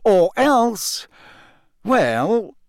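A man's voice: fairly high pitch, very animated, normal speed, fairly bright tone, dry recording, studio quality, voice pushed up. A man doing a blustering, impatient minister. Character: blustering middle-aged male government minister.

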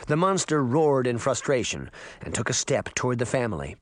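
A man narrating a storybook aloud with an expressive reading. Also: medium pitch, moderate pace, no echo, clean studio sound. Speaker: audiobook narrator.

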